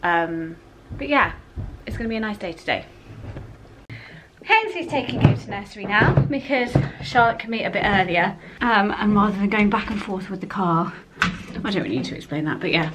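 A woman's voice: mid-range voice, animated, normal speed, heavy background noise. A woman with an English accent chatting casually to her camera in a rambling vlog, often correcting herself. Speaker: vlogger.

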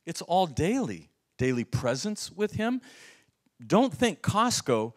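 A man preaching a sermon as pastor, with a lively, humorous delivery full of asides. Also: high voice, slow. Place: church sanctuary.

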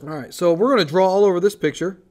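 A man's voice: high voice, fast talker, a little mellow. Casual man teaching over drawn slides. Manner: casual, talks while drawing on slides, corrects his own slips. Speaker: biology teacher. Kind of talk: recorded screencast lecture.

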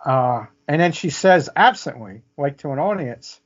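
This interview guest has a fairly high voice with lively intonation and takes his time as he casually tells a vivid story, frequently adding "okay?". The recording sounds muffled and lo-fi.

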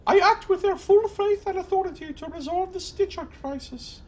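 A man voicing a haughty, formal female fish-person agent while reading game dialogue aloud, in a stiff, drawn-out manner. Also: extremely high pitch, darkish tone, slight background noise, voice pushed up. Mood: proud.

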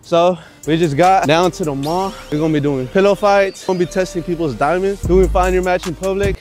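A man's voice: high-pitched, steady tone, brisk. Hyped young man with music underneath. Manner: hyped, playful street banter. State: out of breath. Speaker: prank vlogger. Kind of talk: public prank vlog. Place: shopping mall, indoors. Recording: music playing over the voice. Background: loud background music.

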